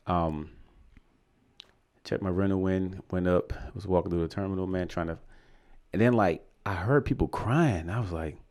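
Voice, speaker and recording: A man's voice: low voice, normal speed, pauses often. A young man from Virginia telling a story on a podcast, acting out the voices of the people in it. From Virginia, USA. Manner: animated storyteller, acts out quoted voices. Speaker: podcast co-host. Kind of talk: casual storytelling chat.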